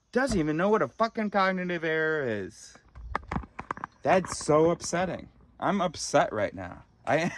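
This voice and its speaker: A man's voice: fairly high pitch, noisy background. A man ranting in a profane, exasperated monologue, recorded in a car. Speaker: vlogger.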